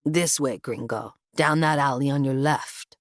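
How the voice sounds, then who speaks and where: A woman voicing a rough young male street thug in an audiobook, with a Puerto Rican accent and curt orders. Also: very deep voice, unhurried, dry recording, studio quality. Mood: ordering.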